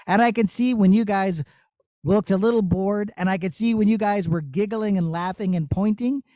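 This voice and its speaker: A man who works as a puppeteer, answering children's questions in a playful, animated way on a video call. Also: sits high, normal speed, dry recording. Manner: animated, storytelling tone with silly asides.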